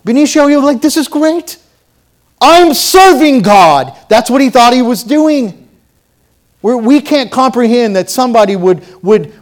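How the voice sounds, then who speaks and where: A high-pitched man delivers a sermon as pastor, his volume rising and falling between loud and quiet passages as he throws rhetorical questions at the congregation.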